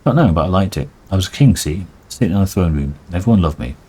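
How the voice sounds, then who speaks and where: Boastful rogue, cocky and talkative, read by a man with a low voice. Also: expressive, fast talker, dark tone, breathy edge. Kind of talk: reading game dialogue aloud.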